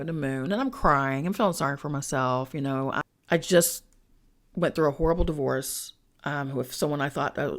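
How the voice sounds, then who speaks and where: Her voice is low-pitched and gravelly yet fairly bright in tone. As a spiritual coach hosting a podcast, she tells a personal story casually, using slang, cursing, and talking right to the people listening.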